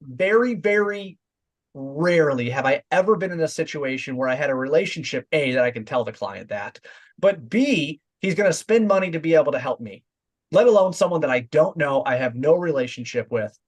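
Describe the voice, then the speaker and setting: Male sales coach, pitch a bit high, direct and confident delivery, acts out examples. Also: lively intonation, fairly quick. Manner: direct, demonstrates voice tones in quoted examples. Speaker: sales trainer. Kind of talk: training talk.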